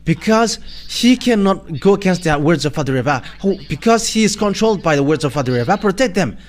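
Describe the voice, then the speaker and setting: A man with a Malagasy accent preaching a sermon in halting English, full of fillers and restarts. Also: high voice, expressive.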